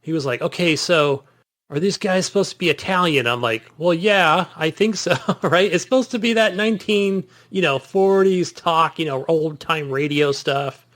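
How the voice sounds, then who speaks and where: A man's voice: fairly high pitch, moderate pace, fairly bright tone. A middle-aged man co-hosting a gaming podcast, telling stories and laughing at himself. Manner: chatty storyteller, laughs at himself. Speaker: podcast co-host. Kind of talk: casual chat.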